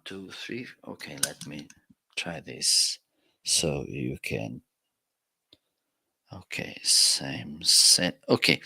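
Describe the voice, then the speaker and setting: Slow, bright-voiced man demoing microphones. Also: sits low, vocal fry, no room sound. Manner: chatty, tests gear aloud with counting and laughs. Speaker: product reviewer hosting a live shopping stream. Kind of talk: casual live-stream product demo. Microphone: swapping between studio microphones.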